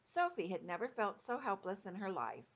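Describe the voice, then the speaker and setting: A woman's voice: medium pitch, big pitch swings, normal speed. Grandmother reading a storybook aloud. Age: older. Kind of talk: reading a children's book aloud.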